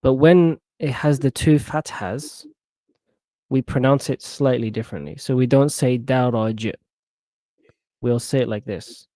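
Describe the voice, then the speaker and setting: A man's voice: mid-range voice, dark tone, no room sound. Patient male Arabic teacher, dry sound. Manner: patient, repeats words slowly syllable by syllable. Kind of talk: one-on-one Quran reading lesson.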